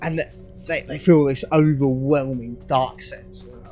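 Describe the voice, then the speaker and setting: A man streaming casually, rambling excitedly with lots of fillers and swearing as he thinks aloud. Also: mid-range voice, normal speed, faint music behind.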